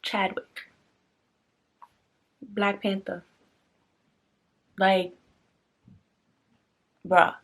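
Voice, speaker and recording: A woman vlogger ranting casually to her viewers in a blunt, slangy, chatty way, her pitch jumping up whenever she gets excited. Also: very slow, pauses often. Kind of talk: casual rant to camera.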